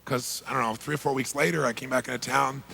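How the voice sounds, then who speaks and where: A middle-aged man, a motivational speaker, telling a story emphatically, swinging from loud bursts to hushed lines. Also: medium pitch, steady tone, fast talker, gravelly, breathy edge.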